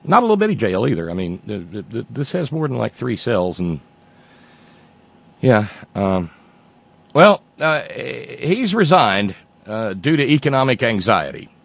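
A man's voice: medium pitch, sing-song, slow, vocal fry. A man hosting talk radio, rambling and sardonic in a casual monologue. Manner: rambling and sardonic, with many fillers and restarts. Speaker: radio talk show host.

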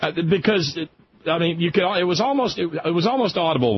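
Impassioned radio host, lively stammering voice. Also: male voice, a little high, quick pace, slight background noise. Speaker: radio talk show host. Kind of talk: casual radio talk. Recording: muffled lo-fi radio broadcast.

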